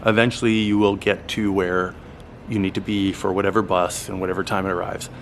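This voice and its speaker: Rambling, animated man telling a travel story. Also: sits low, fairly quick, slight background noise. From Alberta, Canada. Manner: rambling, animated retelling with frequent fillers; swears in exasperation. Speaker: travel vlogger. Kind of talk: casual storytelling to camera.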